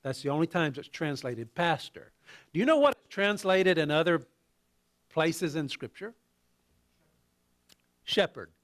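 A man preaching a sermon in a conversational, halting way, with many restarts and quiet asides. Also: fairly high pitch, expressive. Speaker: pastor.

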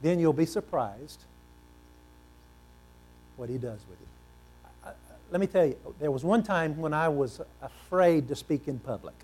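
A male pastor preaching a sermon, animated and asking the congregation questions, swinging between loud and hushed delivery. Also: on the high side, normal speed, long pauses. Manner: repeats words for emphasis, asks the congregation questions.

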